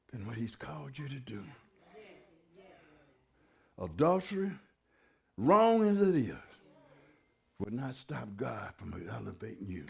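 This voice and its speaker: Preaching with a fairly high, gravelly voice, this pastor keeps his sermon fervent and conversational. Folksy asides break it up as he builds toward shouted climaxes.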